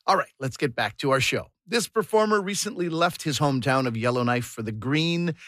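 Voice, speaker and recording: A man's voice: mid-range voice, expressive, brisk, a bit bright, dry recording. A man hosting a comedy radio show, reading announcements in an upbeat scripted way. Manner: upbeat promo delivery.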